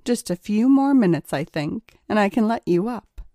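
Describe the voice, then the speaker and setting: A woman's voice: medium pitch, expressive, moderate pace, dark tone, no room sound, clean studio sound, lightly acted. A woman reading the part of a cunning, seductive female kidnapper in an erotic audiobook, with a teasing, cooing manner.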